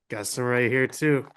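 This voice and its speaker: A young man co-hosting a casual podcast, laid-back and laughing often. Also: medium pitch. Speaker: podcast co-host. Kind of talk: casual profane podcast chat.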